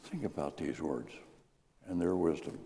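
A man giving a New Year's Day sermon, reading scripture and a poem in a measured, expressive way. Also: rumbling low, gravelly. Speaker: guest preacher. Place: church sanctuary. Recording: reverberant church hall.

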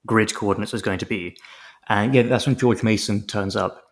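Guy with a gravelly voice, rambly sarcastic podcast chat. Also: fairly low pitch, fairly even intonation, moderate pace. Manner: rambling, sarcastic, lots of restarts. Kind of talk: casual chat recapping a TV episode.

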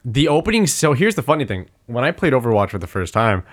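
A man in casual gaming chat, laid-back, often chiming in with quick agreement. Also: mid-range voice, sing-song.

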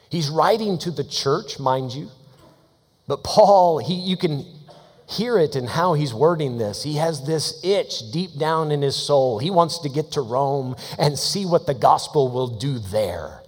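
A man preaching a sermon as pastor, emphatic and lively, slowing down to read scripture aloud. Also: on the high side, husky. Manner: animated, laughing storytelling. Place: church sanctuary. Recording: long church hall reverb.

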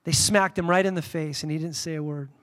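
A pastor preaches in a slightly high voice with fairly even intonation, fairly quickly. He speaks candidly and animatedly, telling stories in loud bursts before dropping into quiet, reverent passages.

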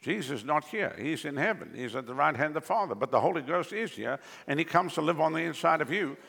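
A fairly high, sharp male voice with a gravelly rasp carries a sermon through a large church hall. The long reverb hangs after each phrase, and the pitch leaps about as he drives his points home. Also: fast talker. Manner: animated, sweeping pitch jumps with a chuckling aside. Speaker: pastor. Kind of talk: preaching a sermon.

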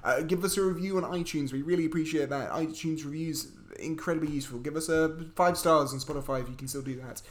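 A man's voice: a little high, fast talker, few pauses. Jokey mock-ranting man. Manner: jokey mock-preachy ranting, deadpan asides. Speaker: podcast co-host. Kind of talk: casual film podcast chat.

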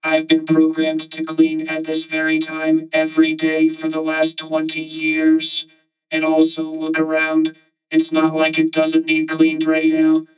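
A woman voicing a weary robot vacuum cleaner that talks in a flat, matter-of-fact way. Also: mid-range voice, measured pace, recorded from a distance, loud music behind the voice, lightly acted, poor audio. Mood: apologetic.

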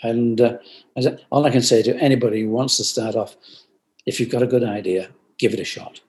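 An older man, a company founder, giving earnest reflective interview answers over a remote video call, often repeating phrases and clearing his throat. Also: medium pitch, steady tone, fairly quick, a little mellow, low-quality recording. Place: at home in France.

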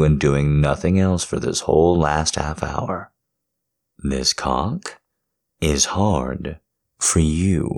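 A man in a whispered role-play, speaking in a slow, intimate, coaxing murmur that moves between whispers and a low voice. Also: slightly rough. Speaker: audio role-play performer.

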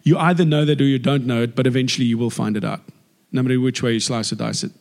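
A man preaching a sermon in a chatty, jokey, animated way. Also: mid-range voice, fast, creaky. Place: church hall. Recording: echoey hall with long reverb.

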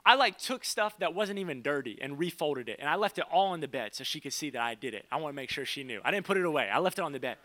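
This young pastor's sermon feels casual and talky, full of brief asides and stories told for a laugh. His voice is a little high, with lively intonation and a sharp tone.

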